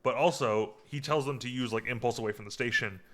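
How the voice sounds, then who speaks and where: A man's voice: mid-range voice, quick pace, fairly bright tone. A man hosting a podcast, casually recapping a TV episode in a rambling way, full of fillers and restarts. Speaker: podcast host.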